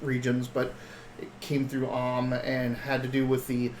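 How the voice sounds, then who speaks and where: A man's voice: mid-range voice, monotone, measured pace, echoey room, a little hiss or hum, poor audio. A man hosting and running a tabletop game, chatting casually with players, laughing often and hesitating with fillers. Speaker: game master and show host. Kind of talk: casual banter and game recap.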